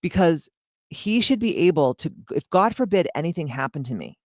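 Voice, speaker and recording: Outspoken woman podcast host and coach, salty and lively, recorded dry. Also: fairly low pitch, moderate pace, no echo. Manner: blunt, profane, animated storytelling. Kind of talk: casual motivational podcast monologue.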